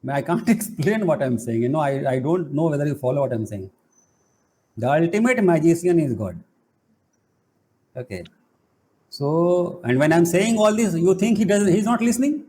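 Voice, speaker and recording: A middle-aged man, giving an animated spiritual talk full of playful, emphatic rhetorical questions. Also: fairly high pitch, moderate pace, long pauses, slight background noise. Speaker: spiritual teacher and college head.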